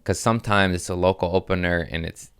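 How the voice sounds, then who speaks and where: A man's voice: sits low, steady tone, a little fast, fairly bright tone, clean tone, no room sound, clean studio sound. A man, a stand-up comic hosting a podcast, telling stories in a casual, rambling way, laughing often and swearing freely. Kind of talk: casual storytelling chat.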